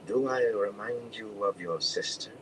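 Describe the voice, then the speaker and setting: A man reading an imperious young noblewoman in an audiobook, with a slow drawl and a cool, commanding manner. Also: low-pitched, lively intonation, background noise. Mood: dangerous.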